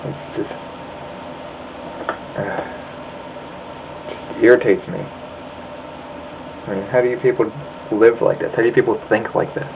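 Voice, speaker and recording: A man's voice: on the low side, steady tone, slow pace, gravelly, long pauses, phone-quality sound, noisy background. A young American man in a profane, angry rant to his webcam, sighing and swearing as he complains. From United States. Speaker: vlogger. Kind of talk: ranting monologue.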